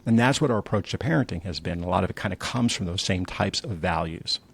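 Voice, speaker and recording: A man's voice: low-pitched, fast talker, creaky, husky. A middle-aged man from New Jersey, an entrepreneur guest telling stories candidly and acting out the quotes. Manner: animated storyteller, acts out quotes. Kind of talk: candid conversational storytelling.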